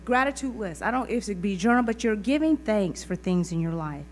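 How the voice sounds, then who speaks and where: A woman's voice: medium pitch, lively intonation, a little fast, slight background noise. A woman reverend giving a sermon, earnest and emphatic, with repeated phrases. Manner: earnest, emphatic preaching with repetition. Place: community center lounge.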